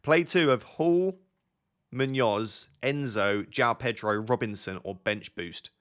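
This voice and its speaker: A man's voice: medium pitch, slow, a bit bright, smooth. A young man from Essex with a southern English accent, chatting casually on a live stream, reading out viewer questions and giving friendly advice as he thinks aloud. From Essex, England. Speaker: fantasy football streamer.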